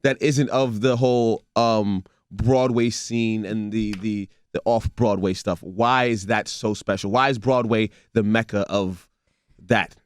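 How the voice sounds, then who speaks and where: A man hosting a casual interview, relaxed and easygoing, asking questions and reacting briefly. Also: on the low side, unhurried, clear, resonant tone, dry recording, clean studio sound. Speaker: interview host.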